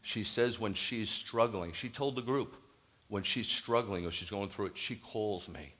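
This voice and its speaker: Animated, low-voiced man preaching. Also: measured pace. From United States. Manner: animated, acts out quoted dialogue, rises to emphatic preaching. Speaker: Messianic rabbi. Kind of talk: sermon storytelling. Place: congregation hall, addressing a live audience.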